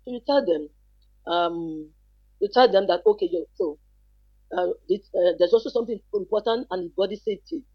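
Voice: mid-range voice, fairly quick, breathy edge, no room sound. A guest talks emphatically about protecting children, hammering points home with rhetorical questions. The audio is dry and a little dull. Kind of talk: earnest advice on a talk show.

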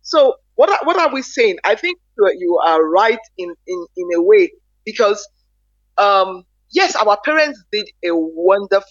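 A man's voice: high-pitched, sing-song, moderate pace, dry recording, highs cut off. A man in conversational discussion, talking hesitantly and restarting his words.

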